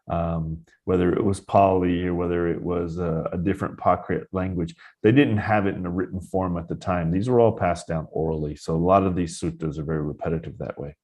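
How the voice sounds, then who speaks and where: A man who teaches Zen meditation, giving an informal dharma talk in a relaxed, conversational way. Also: low voice, moderate pace.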